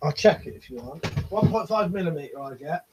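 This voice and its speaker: A man's voice: fairly high pitch, animated, fairly quick, noisy background. A man with a Southern English accent hosting a casual live stream, reading viewers' comments aloud with frequent laughs and casual swearing. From Buckinghamshire, England.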